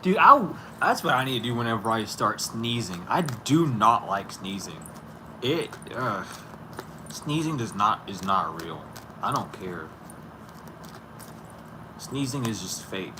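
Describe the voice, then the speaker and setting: A man's voice: fairly low pitch, big pitch swings, measured pace. A man hosting a casual live stream from home, rambling loosely with profanity and frequent laughs. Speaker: tarot reader streaming live. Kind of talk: casual livestream chat. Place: indoors at home. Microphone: computer or camera mic for a live stream. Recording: noisy home livestream audio.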